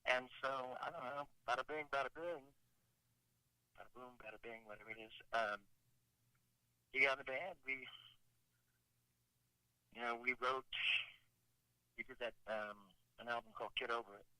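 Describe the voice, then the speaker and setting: A man's voice: mid-range voice, normal speed, long pauses, pushed and bright, clear, resonant tone, no room sound, low-quality recording. A man, a rock singer calling in as a guest, telling stories in a rambling way with many restarts and asides. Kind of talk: casual interview storytelling.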